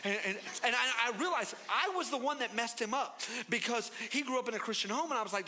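A male pastor preaching a sermon, telling a story in an animated, playful way and acting out the voices in it. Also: very high-pitched, brisk, hardly any pauses, crowd noise.

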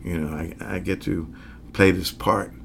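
An older man with a Southern accent, a magician talking in a casual interview, relaxed and chuckling often. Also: deep voice, normal speed, vocal fry, slight background noise. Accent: Southern American. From American South.

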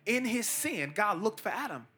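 A man's voice: big pitch swings, normal speed, bright, forceful tone, slightly rough. A middle-aged man preaching a sermon with emphatic, rising delivery and casual slang. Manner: emphatic preaching that rises high on key points, casual slang. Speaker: pastor, team chaplain.

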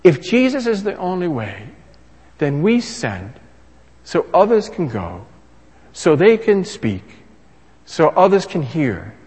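Animated male preacher in a reverberant hall. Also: fairly high pitch, slow, pauses often, breathy edge. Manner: animated, rising to emphatic crescendos. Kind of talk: sermon. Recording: long reverb of a large hall.

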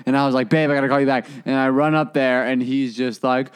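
A man's voice: medium pitch, a little fast, few pauses, darkish tone, smooth. A man, co-hosting a podcast and telling stories in amused banter. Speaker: podcast co-host. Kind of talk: casual podcast chat.

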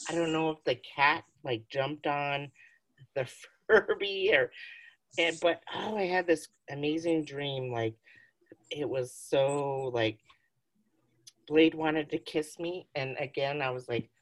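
This podcast co-host speaks in a low, unhurried voice during casual chat. She rambles through stories, giggling and swearing plenty along the way.

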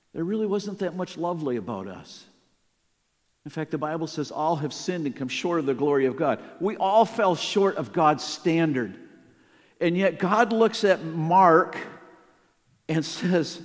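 A man preaching a sermon as pastor, emphatic and animated, acting out quoted lines. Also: a little high, big-room sound.

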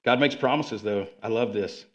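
A man's voice: fairly low pitch, normal speed. A man preaching a sermon in an earnest, conversational way, often repeating himself. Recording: dull lo-fi sound.

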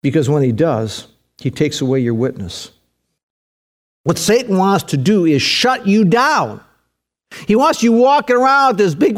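Man preaching with emphatic swings. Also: high-pitched. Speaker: pastor. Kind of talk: sermon.

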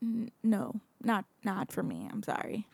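A woman's voice: mid-range voice, wildly swooping pitch, a little slow, gravelly, breathy edge, no room sound. A playful young woman from Brooklyn co-hosting, often laughing and teasing. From Brooklyn, New York. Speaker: podcast co-host. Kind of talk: casual chat.

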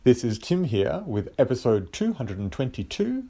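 A man's voice: medium pitch, very animated, normal speed, creaky, background noise. A man with an Australian accent hosting a casual solo podcast, rambling with lots of ums and restarts. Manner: rambling, with many filler sounds and restarts. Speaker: podcast host.

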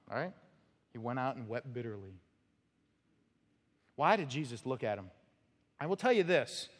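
A male pastor preaching an expository sermon, emphatic, with rhetorical "right?" checks and sudden drops to a quiet voice. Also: fairly high pitch. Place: church sanctuary. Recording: reverberant hall sound.

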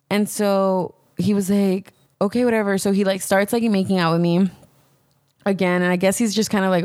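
A woman's voice: medium pitch, steady tone, fairly quick, a little mellow, no room sound, studio quality. A young woman hosting a candid podcast, telling a story in a chatty, profane way, full of "like" and acted-out quotes. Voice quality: frank and profane. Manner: chatty, heavy on "like", acts out quotes. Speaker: podcast host.

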